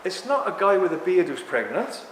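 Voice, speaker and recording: A man in his sixties speaks to a live audience, rambling and animated, ranting and then apologizing for it. His voice sits a little high. The sound is roomy, with a long hall reverb and faint background noise. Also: moderate pace. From England. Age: 60s. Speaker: speaker at a talk.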